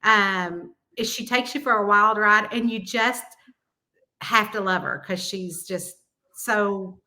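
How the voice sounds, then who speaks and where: A middle-aged woman with a Southern American accent, chatting lively as a guest author and laughing often. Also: medium pitch, slow. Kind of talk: casual chat.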